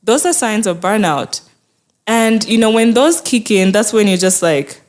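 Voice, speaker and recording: As an interview guest, this therapist talks in an earnest, encouraging way and frequently voices what people might be thinking to themselves. Her mid-range voice is a little slow and a little mellow.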